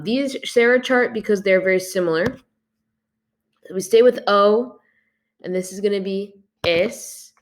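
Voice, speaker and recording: A young woman teaching a video lesson, going over her class notes in a casual, chatty way with plenty of fillers. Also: on the low side. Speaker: Spanish teacher. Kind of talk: recorded classroom lesson walkthrough.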